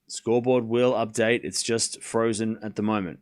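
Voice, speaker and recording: A man hosting a live tennis watchalong, giving informal play-by-play that rises to excited shouts on big points. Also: mid-range voice, a little fast, few pauses. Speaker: host calling a live watchalong stream.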